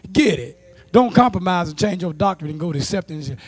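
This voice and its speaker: High-pitched black church pastor man teaching bible study, dry close sound, calls back to the room. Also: lively intonation, fast talker, dry recording. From United States. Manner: call-and-response preaching, swings between loud emphasis and quiet asides.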